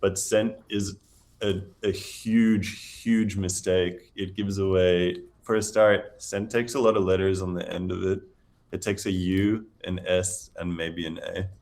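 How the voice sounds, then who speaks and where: A man with a low, deep voice talking through a live word game. He is chatty and analytical, breaking into easy laughter. His commentary is casual and unscripted. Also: steady tone, measured pace, darkish tone.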